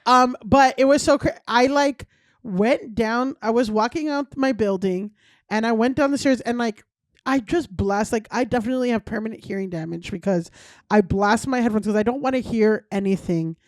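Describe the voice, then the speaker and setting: A woman in her thirties, a guest comedian on a casual podcast, telling lively stories and acting out quotes. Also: on the high side, normal speed, dry recording, studio quality. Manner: animated storytelling, acting out quotes.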